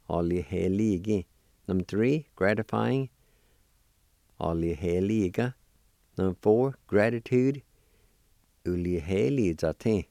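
A man teaching a language lesson, spelling words letter by letter and repeating each pronunciation slowly. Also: on the low side, gravelly, warm tone, dry recording, studio quality.

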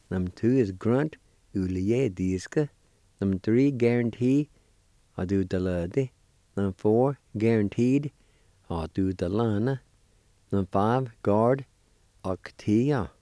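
A man giving a weekly language lesson, deliberately spelling out and pronouncing words syllable by syllable. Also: fairly low pitch, warm tone, no echo, studio quality. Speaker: language teacher.

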